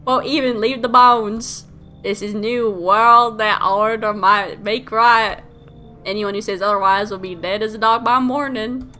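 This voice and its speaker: A woman putting on an Australian accent to voice a rough, swaggering male drifter in a video game. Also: fairly high pitch, steady tone, unhurried, pushed and bright. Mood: menacing. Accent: put-on Australian. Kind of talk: game character reading.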